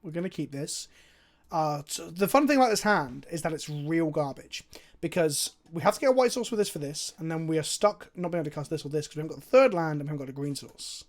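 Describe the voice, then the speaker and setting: In a slightly high voice at a quick pace, a young man talks viewers through his card game plays on stream. He keeps it animated, profane, and self-mocking.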